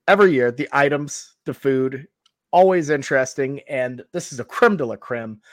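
A man's voice: medium pitch, moderate pace, no echo, clean studio sound. A young man hosting a podcast in casual chat, hedging with lots of fillers as he steers the talk. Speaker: podcast host.

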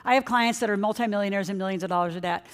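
A middle-aged woman, a financial coach, giving an energetic motivational seminar talk and speaking straight to her audience. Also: medium pitch, racing, clean tone. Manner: energetic, excitable, addresses the audience directly. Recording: long hall reverb.

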